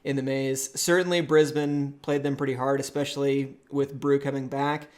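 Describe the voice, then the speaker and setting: Male co-host, mid pitch, even and analytical, dry humor, casual podcast from a house. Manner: measured, analytical, with dry jokes. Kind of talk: casual tournament recap chat. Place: shared rental house, indoors.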